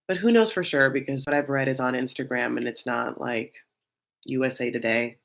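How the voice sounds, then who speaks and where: A woman's voice: a bass voice, moderate pace, creaky. A woman hosting a casual reality-show recap, chatty and loose, full of fillers and calling the audience honey.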